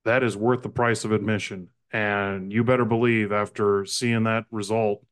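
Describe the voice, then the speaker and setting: A man co-hosting a sports podcast, chatting excitedly about high school games and often correcting himself mid-sentence. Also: moderate pace, smooth. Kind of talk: casual sports talk.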